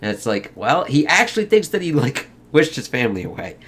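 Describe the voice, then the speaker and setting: A man giving a casual, rambling movie review, full of swearing and quick acted-out quotes in exaggerated voices. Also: a little high, huge pitch swings, a bit bright, slightly rough. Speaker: film reviewer.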